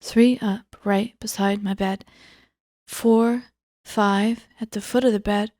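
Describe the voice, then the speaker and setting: Lady reading a book out loud real slow, soft dark voice, keeps slipping into whispers. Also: mid-range voice, fairly even intonation, no room sound, studio quality. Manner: drops often into a hushed whisper while reading. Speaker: audiobook reader. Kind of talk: cold reading of a book aloud.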